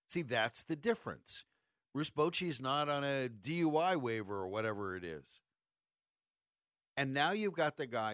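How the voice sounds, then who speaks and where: A middle-aged man rants through a sports radio segment, sarcastic and emphatic, stacking up rhetorical questions. His voice sits at an ordinary pitch. The sound is dry, with no room echo. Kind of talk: opinionated sports talk radio rant.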